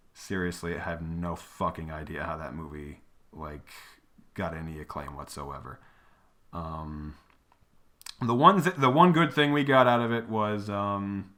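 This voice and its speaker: A man's voice: fairly low pitch, sharp tone. A young man hosting a casual movie review, rambling and swearing, laughing often between his complaints. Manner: profane, rambling, laughs often, breaks into exaggerated impressions. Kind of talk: casual solo movie rant.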